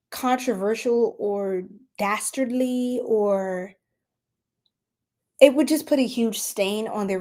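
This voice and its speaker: A young adult woman giving a casual tarot reading, chatty, laughing often and dropping into soft whispers. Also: medium pitch. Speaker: tarot reader.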